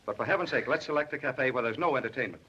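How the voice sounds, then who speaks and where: An actor playing a busy, flirtatious male government official in a 1930s film, talking fast and joking. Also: medium pitch, pushed and bright, husky. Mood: brisk. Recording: dull old 1930s film soundtrack.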